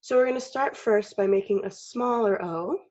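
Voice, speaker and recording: Husky-voiced woman teaching drawing. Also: medium pitch, moderate pace, darkish tone. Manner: chatty, clears throat often, acts out expressions. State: frog in her throat. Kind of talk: casual drawing tutorial. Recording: dull lo-fi recording.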